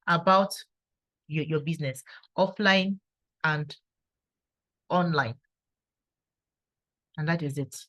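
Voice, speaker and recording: A woman with a fairly low voice gives advice at an online meeting. She stammers and repeats words, and her voice sounds dry and close to the mic. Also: slow, long pauses, a bit bright, no room sound, rough recording. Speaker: guest speaker sharing her trading story.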